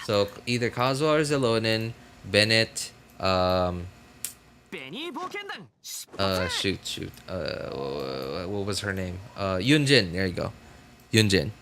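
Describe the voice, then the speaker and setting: A man's voice: low voice, slow pace, a bit bright, a little hiss or hum. A man streaming a game, chatting casually and rambling, with many fillers, restarts and self-corrections. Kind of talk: casual live-stream chat.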